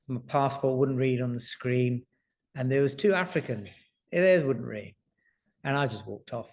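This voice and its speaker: Animated male surgeon telling stories. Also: medium pitch, a little slow. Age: 40s. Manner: animated, acts out dialogue in his stories. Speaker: surgeon and author. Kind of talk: conversational storytelling. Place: lecture hall.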